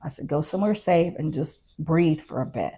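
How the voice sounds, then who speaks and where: A woman's voice: sits low, normal speed, dark tone, husky. A middle-aged woman and former constable, a guest in an interview, telling her story casually and acting out what others said. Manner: conversational, retells events with quoted dialogue.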